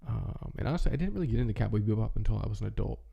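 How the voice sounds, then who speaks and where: Low gravelly man, rambling and nostalgic. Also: lively intonation, racing, dull audio. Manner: rambling, filler-heavy, nostalgic. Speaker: channel host. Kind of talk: relaxed reminiscing monologue.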